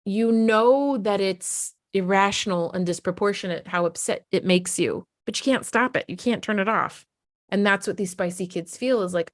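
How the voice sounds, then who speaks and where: With a lowish voice, a moderate pace and fairly level intonation, a middle-aged parenting coach explains her points to camera. Her manner is earnest and conversational, and she often acts out quoted speech. The audio is clean studio sound with no room noise.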